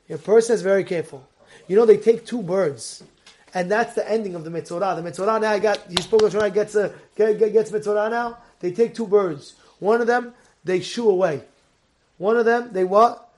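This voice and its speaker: A man teaching an informal Torah lesson, animated, repeating phrases for emphasis and asking the audience questions. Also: high-pitched. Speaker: rabbi teaching a Torah class.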